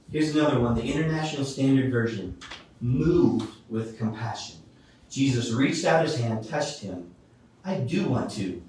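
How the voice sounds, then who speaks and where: A man's voice: medium pitch, slight background noise. Male preacher, emphatic scripture reading, distant mic in a very echoey hall. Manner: reads Bible verses aloud, expressive and emphatic. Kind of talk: sermon.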